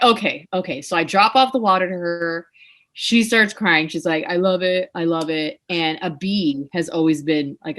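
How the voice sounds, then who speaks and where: Bright-voiced woman telling a story. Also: lowish voice. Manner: animated, emotional storytelling with laughs. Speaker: podcast guest. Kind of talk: casual storytelling chat.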